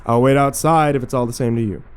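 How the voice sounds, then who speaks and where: A man voicing a burly, gruff male orderly with a deep, growling Tennessee accent. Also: steady tone, quick pace, natural voice.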